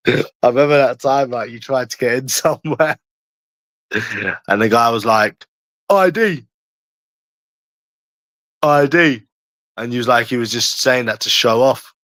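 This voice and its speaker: A man's voice: mid-range voice, little pitch movement, normal speed, a bit bright, no room sound. A man with a London accent in casual chat, teasing and slangy, repeating himself often. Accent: London English.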